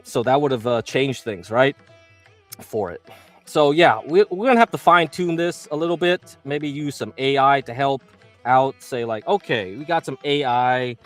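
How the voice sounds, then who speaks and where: Faint music plays behind a man with a mid-range, fairly bright voice who talks at a moderate pace with lively intonation. Hosting a livestream, he gives casual stock market commentary, calling viewers "you," acting out traders' panic and swearing now and then.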